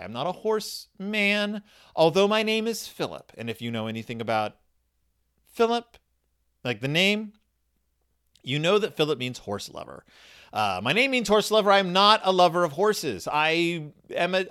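A man tells a story with comedic sarcasm, his voice sitting a little high. His pitch swings widely as he riffs and slips into brief character impressions. The delivery is lively and conversational. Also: clean tone. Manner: animated, sarcastic, acts out characters in quick asides.

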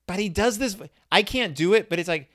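A man's voice: high-pitched, brisk, a bit bright. A man casually reviewing a children's book on his own, rambling and wry.

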